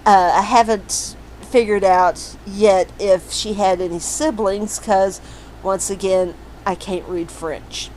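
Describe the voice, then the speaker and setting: A woman talks unhurriedly through her family tree, thinking aloud with frequent ums and restarts. Her pitch sits in a middle range for a woman. A faint noise hums under the recording. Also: steady tone, takes it slowly, darkish tone, low-quality recording. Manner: rambling, many fillers and restarts. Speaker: family history vlogger. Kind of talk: casual screen-share walkthrough.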